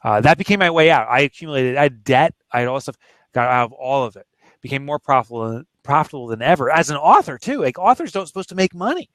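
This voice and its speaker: A man's voice: mid-range voice, expressive, fast talker, a bit bright, no room sound. A man in his forties, an author being interviewed, telling a candid personal story in an earnest, emotional, plain-spoken way. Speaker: author and guest.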